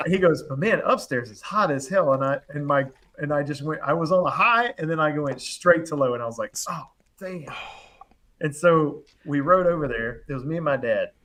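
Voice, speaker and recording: Animated storytelling man. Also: a little high, fairly quick, few pauses. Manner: animated storyteller acting out quoted voices. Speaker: HVAC contractor, show regular. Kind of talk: casual storytelling on a live panel show.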